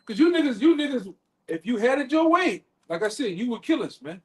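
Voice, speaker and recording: Very high-voiced scornful man. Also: sing-song, fairly quick. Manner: profane, scornful, repetitive. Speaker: street preacher. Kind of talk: heated street-camp banter.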